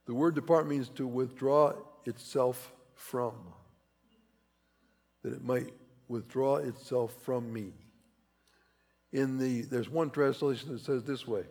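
A man's voice: mid-range voice, fairly even intonation, slow, pauses often, darkish tone, breathy edge. A man preaching a conversational sermon, rambling and repeating himself, pressing key phrases with rising emphasis. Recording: reverberant hall.

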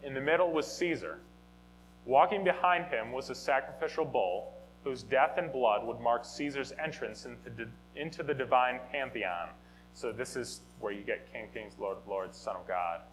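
A man's voice: mid-range voice, moderate pace, a little hiss or hum, rough recording. Man giving a casual Bible teaching. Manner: conversational, animated, self-correcting with restarts. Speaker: teacher of a Bible study or sermon. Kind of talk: informal teaching talk.

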